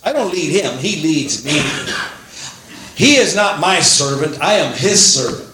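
A man preaching a sermon, quoting scripture and acting out prayers in an animated way. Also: on the high side, normal speed. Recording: very echoey room with faint hiss.

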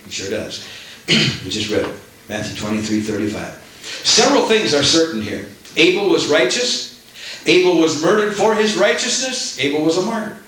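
A man preaching a sermon with fervor, building to loud exclamations. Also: a little high, sing-song, normal speed, a little hiss or hum. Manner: fervent, rising to shouted exclamations. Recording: echoey room, voice from far off.

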